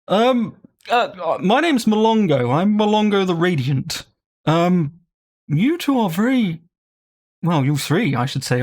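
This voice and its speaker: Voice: medium pitch, darkish tone, voice pushed up. A game master voicing a haughty, bougie magic sword that talks. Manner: imperious, then confused and posh.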